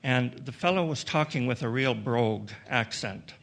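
A man from Western Canada, middle-aged or older, shares his own story with a gathered audience. His pitch sits squarely in the ordinary male range, and he speaks in a reflective, halting manner. He often restarts his sentences and slips in some dry humor. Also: vocal fry, fairly bright tone. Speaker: recovery meeting speaker.

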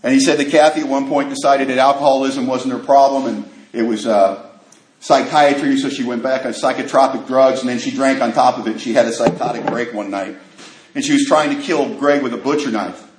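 A man's voice: medium pitch, fairly even intonation, a little fast, slight background noise. Man telling a gritty recovery story. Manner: vivid storyteller, acts out quoted voices, drops to a hush in tense moments; casual street grammar. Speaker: speaker sharing his recovery story. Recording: echoey room.

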